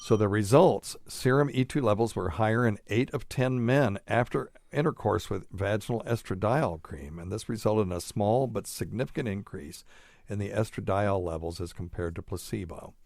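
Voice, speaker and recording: A man's voice: fairly low pitch, normal speed, gravelly, a little mellow, no echo. A male doctor hosting a podcast in a casual chat, thinking aloud as he reads through studies and adds chuckling asides.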